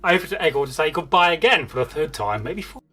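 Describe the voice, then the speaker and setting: A man co-hosting a casual chat, chatty and teasing, quick to laugh. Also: on the high side, lively intonation. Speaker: co-host reading viewer comments.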